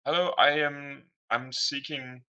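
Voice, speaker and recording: A man voicing an oily, socially awkward male machinist who speaks in a stiff, halting, formal way. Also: medium pitch, steady tone, bright, forceful tone, smooth. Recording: dull lo-fi recording.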